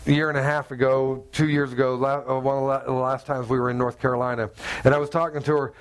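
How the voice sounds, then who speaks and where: A man's voice: mid-range voice, little pitch movement, fast talker. A male pastor preaching in a conversational, humorous way, acting out bits of dialogue in different voices. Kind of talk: conversational sermon.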